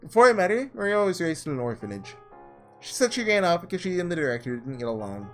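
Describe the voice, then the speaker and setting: A man voicing an earnest, principled young ruler, reading in a measured, formal way. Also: high-pitched, big pitch swings, faint music behind.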